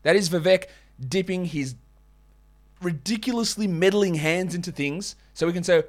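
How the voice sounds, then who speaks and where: A sarcastic man hosts a fantasy basketball podcast, sounding fired up as he rants through the sports news. His voice sits slightly high for a man. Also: normal speed. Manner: ranting, sarcastic, mocks others in put-on voices.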